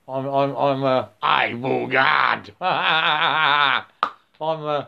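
A man's voice: medium pitch, extremely slow, vocal fry, pushed and bright, muffled recording. A man giving a rambling spiritual monologue, checking in with the listener and breaking into laughs.

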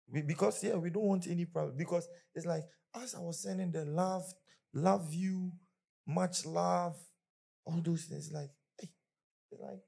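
A man's voice: on the high side, gravelly, mellow, husky. A man preaching a conversational sermon as pastor, often acting out the people he quotes.

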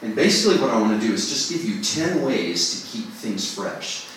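Speaking at a moderate pace, this man has a fairly low, expressive, slightly bright voice, with a little hiss or hum in the background. He leads a casual songwriting workshop for a group, recorded at a distance in a large, very echoey room. He's conversational and self-mocking and acts out the voices in his head.

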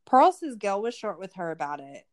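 A woman's voice: mid-range voice, sing-song, moderate pace. Sarcastic, profane woman recapping. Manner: profane, sarcastic, frequent "like" fillers. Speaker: podcast co-host. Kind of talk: casual true-crime recap chat.

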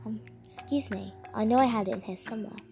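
Woman reading as a fiery 18 yr old girl who loves animals, gravelly edge, music under it. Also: fairly high pitch, fast talker. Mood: polite. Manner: heated, outraged when crossed. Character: fiery eighteen-year-old nature-loving girl.

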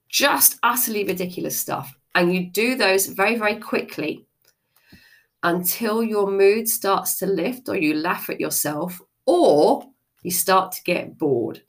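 A woman's voice: mid-range voice, animated, unhurried. A woman giving a motivational self-help talk, frank and conversational, with the odd casual swear word.

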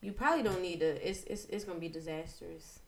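A woman's voice: fairly low pitch, brisk. A woman co-hosting a podcast, chatting casually and frankly, reading listener questions and laughing often. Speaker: podcast co-host. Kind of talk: casual chat.

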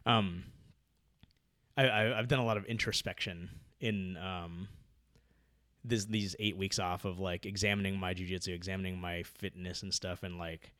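Deep-voiced guy rambling about workouts, bright punchy tone, dry close sound. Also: normal speed, dry recording. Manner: rambling, filler-heavy, gets loud when excited. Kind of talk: casual podcast chat.

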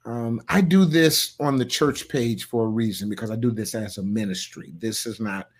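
Pastor guy talking aave, loose and folksy, reading viewer comments, gets loud sometimes, mid pitch. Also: moderate pace. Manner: loose, folksy, playful, with sudden loud bursts. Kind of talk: livestream sermon talk reading viewer comments.

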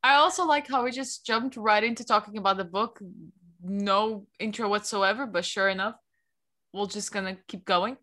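Bright-voiced woman from Portugal. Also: mid-range voice, normal speed. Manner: chatty, animated, self-mocking. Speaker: book podcast co-host. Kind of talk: casual chat.

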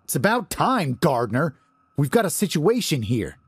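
A man's voice: mid-range voice, moderate pace, no echo, voice pushed up, lightly acted. A man voicing a tense airport worker who barks out urgent, commanding lines, in a storybook reading. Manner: barking, urgent.

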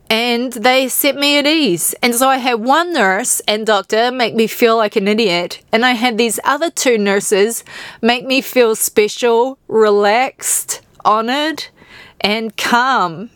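A New Zealand woman with a matching accent hosts a podcast, candidly and emotionally retelling personal stories. She speaks slowly in a slightly high, smooth, fairly bright voice, with no echo on the recording.

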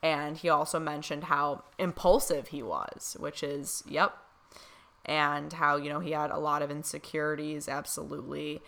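A woman's voice: sits low, flat delivery, moderate pace, creaky, bright, forceful tone. A young woman chatting casually to camera, filling her talk with "you know" and "like" and laughing often. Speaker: vlogger recounting a reading. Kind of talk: casual chat.

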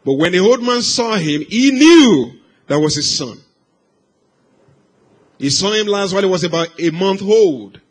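High-voiced man preaching a testimony. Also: expressive, measured pace, long pauses. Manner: dramatic swings from hushed to shouted. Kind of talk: sermon storytelling.

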